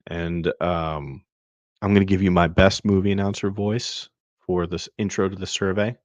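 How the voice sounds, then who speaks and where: A man's voice: deep voice, steady tone, moderate pace, no room sound, muffled recording. A man hosting a podcast, casually walking through a web map with many fillers and restarts. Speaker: podcast host. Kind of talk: casual screen-share walkthrough.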